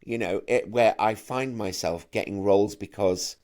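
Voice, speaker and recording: A middle-aged man from Manchester, a camp and animated actor and singer who often stammers into his sentences while chatting as an interview guest. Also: fairly low pitch, normal speed. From Manchester, England. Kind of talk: casual interview chat.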